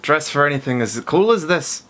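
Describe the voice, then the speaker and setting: A man's voice: on the high side, lively intonation, normal speed, fairly bright tone. A young man putting on a clumsy Irish accent that drifts toward Scottish, chatting in an exaggerated way. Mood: chatty. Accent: wobbly put-on Irish drifting into Scottish.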